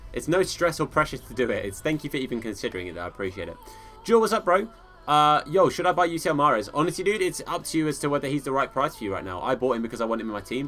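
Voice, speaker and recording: A man's voice: on the high side, fairly bright tone. Casual English streamer man chatting. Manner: casual, friendly, calls viewers bro and mate. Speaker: gaming streamer. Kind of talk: live game commentary and chat replies.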